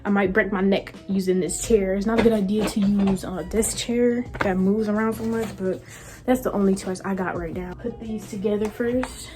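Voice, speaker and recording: A woman vlogging casually from her room, excitable and gushing as she talks to her viewers. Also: medium pitch, normal speed, music in the background. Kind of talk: casual vlog chat.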